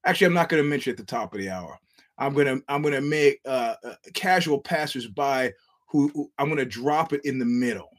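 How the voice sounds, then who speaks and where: A man's voice: medium pitch, lively intonation, a little fast. A man hosting his own podcast, rambling through a wry, chuckling solo monologue with frequent restarts. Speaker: podcast host.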